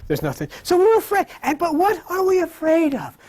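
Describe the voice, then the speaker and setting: A man giving a lively, conversational sermon to a live audience, acting out the voices he quotes. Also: very high voice, brisk. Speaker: spiritual teacher.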